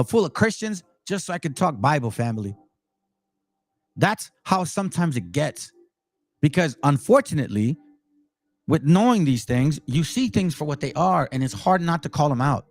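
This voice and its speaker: Blunt, fiery man, higher voice. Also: sing-song, moderate pace. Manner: blunt and direct; fiery, emphatic. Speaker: Bible channel host. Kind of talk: casual Bible commentary with scripture reading.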